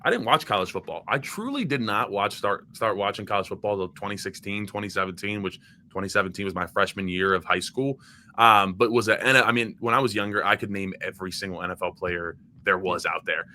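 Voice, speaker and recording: Young guy from maryland on a podcast, lowish bright voice, rambly and casual, lots of uh and like. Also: a little fast. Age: young adult. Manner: chatty and loose, with fillers, restarts and bursts of laughter. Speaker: podcast guest, former college football player. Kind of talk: casual chat.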